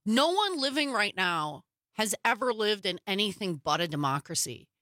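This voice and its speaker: A woman's voice: mid-range voice, very animated, moderate pace, sharp tone, no room sound, studio quality. A woman panelist on a political talk show, heated and emphatic.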